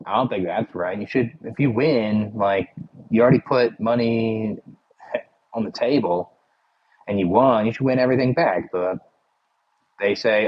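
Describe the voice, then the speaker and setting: A man's voice: on the low side, measured pace, long pauses, husky, highs cut off. A man with a Philadelphia accent chatting casually with his livestream viewers, rambling and full of "like" and "you know".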